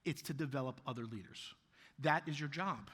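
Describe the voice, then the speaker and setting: A man giving an animated, jokey keynote speech to a conference audience, telling stories and questioning the crowd. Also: mid-range voice, normal speed, slightly rough. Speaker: keynote speaker. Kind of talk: motivational keynote storytelling. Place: large conference hall. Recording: reverberant hall, live speech.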